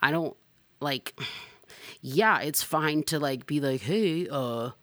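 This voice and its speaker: A young woman hosting a podcast in casual chat, sassy and animated, jumping to high exclamations. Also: slow, no echo. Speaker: podcast host.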